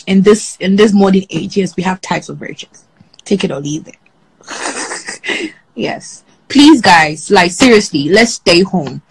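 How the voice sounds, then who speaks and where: Lady teasing her viewers, husky voice that bounces all over. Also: mid-range voice, animated, normal speed, rough recording. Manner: playful, teasing, laughing easily. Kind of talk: casual video chat.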